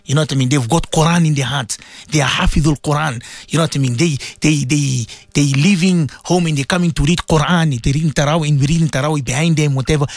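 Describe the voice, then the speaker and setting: A man with a fairly high voice presents a religious radio talk and tells a story with lively energy. He often repeats himself and mixes Arabic and Urdu words into his English. The studio sound is dry and close. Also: fast talker, dry recording.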